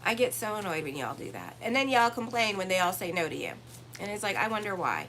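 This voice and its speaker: A woman's voice: mid-range voice, sing-song, quick pace, pushed and bright, slight background noise, poor audio. A woman astrologer giving a casual weekly horoscope reading, blunt and profane, teasing her listeners. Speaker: astrologer and tarot reader.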